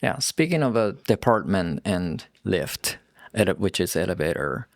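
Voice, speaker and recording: A man co-hosting a podcast in English, giving short replies with halting phrasing. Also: sits low, expressive, gravelly, no echo, studio quality. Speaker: podcast co-host. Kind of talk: casual chat.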